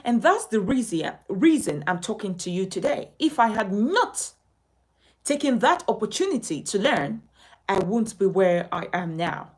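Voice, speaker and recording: Nigerian woman, communication coach; animated pitch, emphatic, pushy, repeats herself for effect. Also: measured pace, poor audio. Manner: emphatic, persuasive, repeats her points. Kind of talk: direct-to-camera class promotion.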